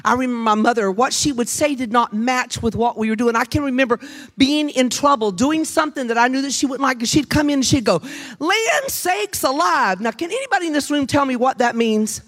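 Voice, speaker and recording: Give me a middle-aged woman with a drawl, preaching from a church platform. She talks in an animated, folksy way, tells homey stories and keeps tossing questions out to the congregation. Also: fairly high pitch, fairly quick. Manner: animated, chatty, folksy, addresses the room with questions. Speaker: pastor's wife preaching to a congregation. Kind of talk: humorous storytelling sermon. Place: church sanctuary with a live congregation.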